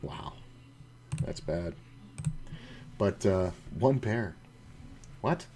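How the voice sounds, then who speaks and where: A man with a fairly low voice streams himself playing online poker, recorded on a desk mic. He talks to himself casually about his hands, curses freely and wanders into stories between decisions. A faint hiss sits under his voice. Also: expressive, drawn-out words, warm tone. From United States.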